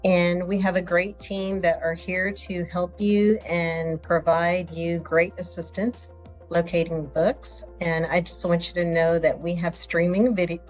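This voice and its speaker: A woman's voice: fairly low pitch, darkish tone. A woman with a Texas accent, a college library director, giving a brief, friendly orientation talk on a video call with a few hesitations.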